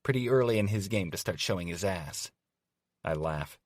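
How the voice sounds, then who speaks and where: Male audiobook reader, very low voice, dry booth, wry first-person storytelling. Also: steady tone, a little fast, breathy edge, no room sound. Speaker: audiobook narrator. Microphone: studio microphone.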